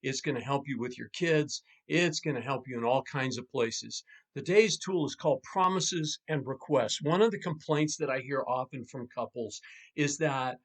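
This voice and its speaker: A man, a pastor and marriage coach, casually teaching in an animated way and acting out quoted spouses. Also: mid-range voice, moderate pace.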